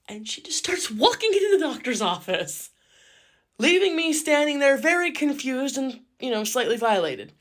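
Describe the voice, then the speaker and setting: Casual, lively woman storyteller, slightly high voice, cheeky and salty. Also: moderate pace. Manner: lively, cheeky, swears freely. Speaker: caregiver.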